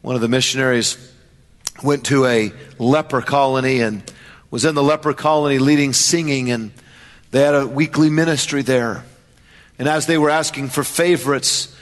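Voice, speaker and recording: A man's voice: a little high, long reverb tail. A man preaching a sermon as pastor, emphatic, with repeated refrains and questions to the congregation.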